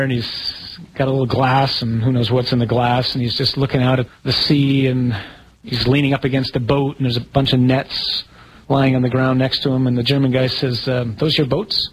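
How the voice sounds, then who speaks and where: A man's voice: mid-range voice, breathy edge, poor audio. A male priest giving a casual, wry sermon talk that asks the listeners questions.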